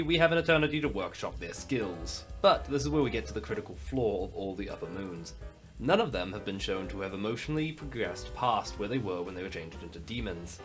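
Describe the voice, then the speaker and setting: A young man with a New Zealand accent hosting a comedic tier-list commentary, sarcastic and jokey, swearing casually. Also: on the low side. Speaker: YouTube host.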